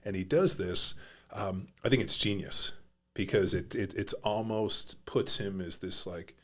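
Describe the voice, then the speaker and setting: A man's voice: fairly low pitch, a little slow, bright, forceful tone. A man hosting a podcast in a casual, blunt and profane way, rambling through his thoughts. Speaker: podcast host.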